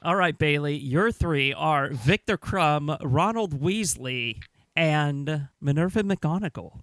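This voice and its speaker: A man with a fairly high voice hosts a fan podcast and runs a game among friends. He talks playfully and laughs easily, and the recording is dry and close. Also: expressive, slow pace, fairly bright tone, no echo. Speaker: podcast host running a game. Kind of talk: casual chat.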